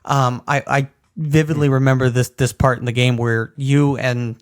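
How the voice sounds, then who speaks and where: A man's voice: mid-range voice, level tone, normal speed, smooth. A man co-hosting a casual video game podcast, animatedly retelling funny game scenes and laughing as he talks. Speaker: podcast co-host. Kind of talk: casual chat about video games.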